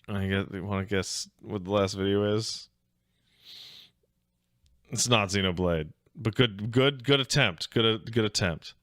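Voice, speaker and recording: A man hosting a casual reaction show, swearing freely, laughing loudly and rambling in asides. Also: lowish voice, unhurried, no echo, studio quality. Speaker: host reacting to videos.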